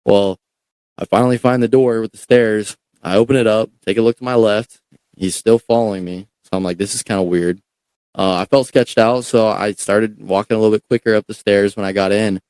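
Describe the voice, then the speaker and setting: A young man, a podcast guest, telling a story in a casual, animated way, swearing and repeating words as he goes. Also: lowish voice, a little fast, clear, resonant tone, no echo.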